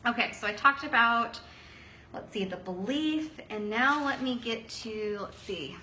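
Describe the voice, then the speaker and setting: Woman wellness coach, 30s, lively, chatty and upbeat, bright, slightly high voice, roomy echo. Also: a little slow, a little hiss or hum. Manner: energetic, chatty, acts out quotes in a higher voice. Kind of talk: motivational coaching talk.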